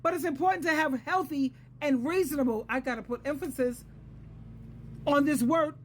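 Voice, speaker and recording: With a high voice and normal speed, a Christian counselor in her sixties gives an earnest, lecturing advice monologue, circling back to key phrases for emphasis. A faint hiss or hum runs underneath.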